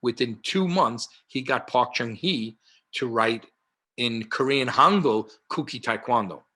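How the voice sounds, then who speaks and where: Bright-voiced New York man telling stories. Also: mid-range voice, measured pace, husky. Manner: rambling, many fillers and restarts, animated anecdotes. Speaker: martial arts historian guest. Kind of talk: casual storytelling interview. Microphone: video call.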